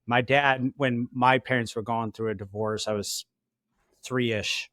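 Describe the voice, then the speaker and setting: A male podcast host talks in a reflective, soft-spoken way, sometimes a little choked up. His pitch is in the middle range. The recording is close and dry. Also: steady tone, a little slow, no echo. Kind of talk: casual interview chat.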